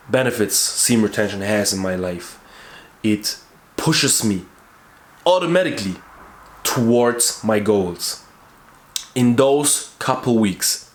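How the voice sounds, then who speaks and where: A man talking earnestly to camera as a YouTuber, stressing key words by repeating them and restarting sentences as he searches for words. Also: fairly low pitch. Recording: roomy echo.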